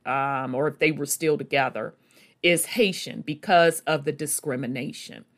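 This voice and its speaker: A woman telling a travel story to her viewers in a casual, folksy way, rambling with asides and calling the listener baby and honey. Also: low voice. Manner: rambling, with many fillers and asides.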